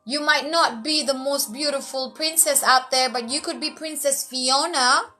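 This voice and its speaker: A woman emcee giving motivational life tips in casual talk, frank and animated, sometimes acting out quoted voices. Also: sits high, a little slow, faint music behind. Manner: frank, blunt, lightly profane.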